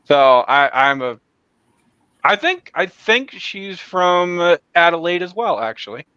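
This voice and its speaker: A man's voice: high voice, big pitch swings, unhurried, bright, forceful tone, clear, resonant tone, no room sound, muffled recording. A man hosting a podcast, rambling in casual chat with many fillers and restarts. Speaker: podcast host.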